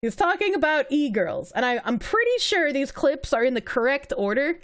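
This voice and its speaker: A woman streamer chatting casually to her audience, animated, laughing often and swearing freely. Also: sits high, a little fast. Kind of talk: casual livestream commentary.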